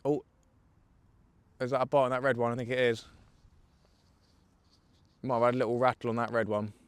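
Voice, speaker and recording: A man's voice: medium pitch, steady tone, moderate pace, clean tone, dry recording. A young man, chatting casually on a livestream while fishing from a riverbank, joking and answering viewers' questions. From England. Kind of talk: casual live fishing commentary. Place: outdoors on a riverbank.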